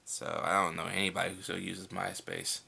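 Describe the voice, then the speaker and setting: A man's voice: sits low, completely flat delivery, a little fast, creaky, bright, forceful tone, breathy edge. A young man answering viewer questions in a casual vlog at home at night. He is laid-back and blunt, and he swears freely.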